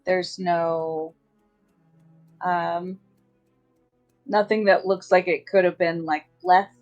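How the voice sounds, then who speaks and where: A woman's voice: on the low side, steady tone, slow, a little mellow, muffled recording, soft background music. A woman playing a tabletop game, hesitant, with many ums and likes. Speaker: player.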